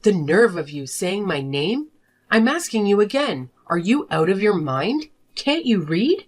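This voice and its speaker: A woman voicing a fed-up wife and mother confronting her husband, indignant and sharp. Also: medium pitch, very animated, measured pace. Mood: angry. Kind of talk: narrated drama story dialogue.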